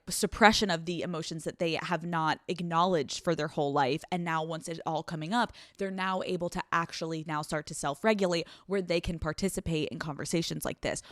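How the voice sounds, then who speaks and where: A woman's voice: lowish voice, dry recording, clean studio sound. A young woman hosting an advice podcast, talking bluntly and swearing freely, running on no sleep. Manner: blunt, profane, animated; acts out scenes with quoted voices. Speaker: podcast host.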